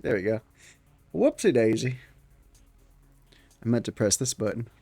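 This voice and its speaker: A man's voice: mid-range voice, very animated, a little slow, mellow, no echo, faint music behind. A man streaming a game, chatting casually and joking while reading the text aloud. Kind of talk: casual game playthrough commentary.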